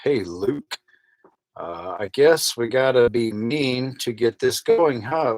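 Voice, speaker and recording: A man's voice: mid-range voice, lively intonation, takes it slowly, no echo, poor audio. Wry man on a dry mic. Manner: wry, drawling, reads comments aloud with mock outrage. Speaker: vlogger reading viewer comments. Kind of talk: casual live-stream chat. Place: small cabin of a sailboat at night.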